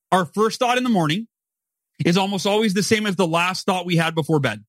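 A man's voice: high voice, fairly bright tone, dry recording. A man in his forties, a guest author on a podcast, explaining emphatically and often ending points with "right?". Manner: emphatic, repetitive "right?" tag questions. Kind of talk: podcast interview, motivational explaining.

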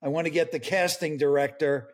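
A man's voice: on the high side, steady tone, a little fast. An older man, a grief expert guest, speaking earnestly and tearfully in an interview. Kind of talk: emotional interview conversation.

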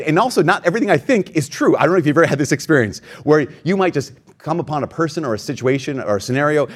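A man preaching a homily as a priest, telling a personal story with animated quoted voices and self-deprecating humor. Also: fairly high pitch.

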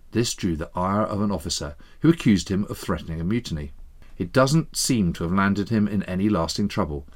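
A man reading a listener's family story aloud in a measured, earnest way on a podcast. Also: low-pitched. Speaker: reader of listener letters.

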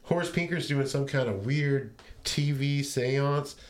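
A man's voice: mid-range voice, unhurried, slight background noise. A man co-hosting a casual podcast, rambling through a movie plot and quoting characters as he goes. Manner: rambling, recounts plot with quoted voices. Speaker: podcast co-host. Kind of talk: casual movie recap chat.

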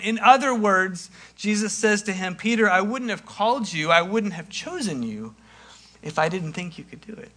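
A man preaching a sermon in a conversational way, acting out quoted lines and swinging from loud to hushed. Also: high-pitched, lively intonation, moderate pace. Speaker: pastor.

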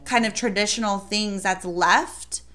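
A woman's voice: mid-range voice, unhurried, bright, forceful tone. A woman in casual conversation, speaking emphatically and swearing freely as she vents. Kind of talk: casual podcast chat.

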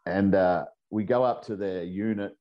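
A man's voice: sits low, moderate pace, lo-fi sound. A middle-aged Australian man telling rambling, profane stories in a casual chat, laughing as he goes. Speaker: guest.

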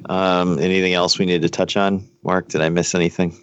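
A man's voice: deep voice, level tone, a little fast, smooth, muffled recording. A man co-hosting a podcast in casual chat, laid-back and rambling with many fillers and restarts. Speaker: podcast co-host.

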